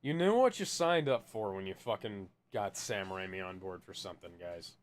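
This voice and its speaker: A man's voice: sits low, animated, moderate pace. A man co-hosting a casual movie podcast, offhand and rambling, with plenty of swearing. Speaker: podcast co-host.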